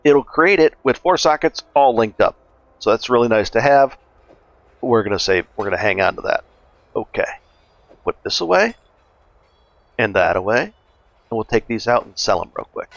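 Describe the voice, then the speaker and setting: A man casually narrating a gameplay walkthrough as a gaming guide host, relaxed and chatty, thinking aloud with fillers. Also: mid-range voice, moderate pace, pauses often, no echo, muffled recording.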